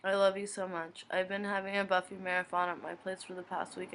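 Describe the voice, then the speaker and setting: A young woman vlogger flatly reading fan messages from her inbox aloud, one after another. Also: lowish voice, fairly quick, slight background noise, poor audio. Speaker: video blogger reading fan questions.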